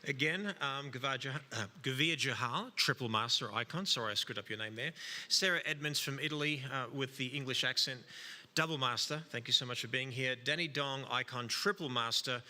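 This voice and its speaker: A man's voice: mid-range voice, brisk, bright, forceful tone. A man moderating a live judging panel, joking and bantering with the judges. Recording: long hall reverb.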